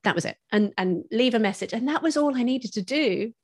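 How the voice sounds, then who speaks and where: A woman guest who teaches parenting, talking in an expressive, chatty way and laughing often. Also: on the high side, a little fast, no room sound, studio quality. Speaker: parenting instructor, podcast guest. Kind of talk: casual conversational interview.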